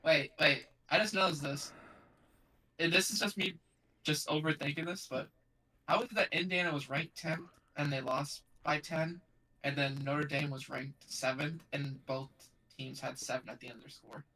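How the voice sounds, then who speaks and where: A man co-hosting a casual sports podcast, loud and chatty, thinking aloud. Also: on the high side, fairly even intonation, normal speed, rough recording. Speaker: podcast co-host.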